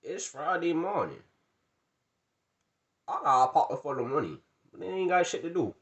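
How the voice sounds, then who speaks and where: Animated slangy male storyteller. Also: fairly high pitch, normal speed. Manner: slangy, animated, acts out dialogue, bursts into loud rants. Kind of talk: casual comedic storytime.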